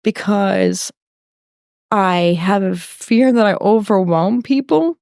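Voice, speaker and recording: Slow-talking woman guest from New York. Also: on the low side, gravelly, a little mellow, dry recording, studio quality. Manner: slow, loose and talkative, with fillers. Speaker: podcast guest. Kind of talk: casual interview chat.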